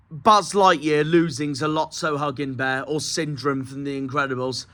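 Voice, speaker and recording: A football fan vlogger from Cornwall, with a Cornish accent, delivers a furious, sweary post-match rant, repeating himself. His voice is a little high and bright, with fairly even intonation, a moderate pace, and a forceful tone.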